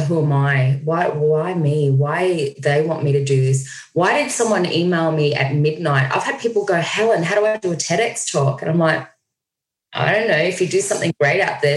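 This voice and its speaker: A woman, a guest on a video call, telling stories in a lively way and acting out what people said. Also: low-pitched. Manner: animated storyteller, acts out quoted lines. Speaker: guest speaker. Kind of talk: casual video-call conversation. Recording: echoey room.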